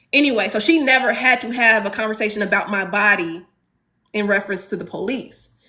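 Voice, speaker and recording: A woman from Chicago's South Side in her thirties, earnestly telling a class a personal story and pausing on rhetorical questions. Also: medium pitch, bright, forceful tone. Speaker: teacher leading a class discussion.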